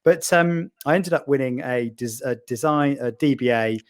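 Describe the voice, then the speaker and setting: A man, a podcast guest, telling lively anecdotes in casual storytelling style and acting out the voices of people he quotes. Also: mid-range voice, normal speed.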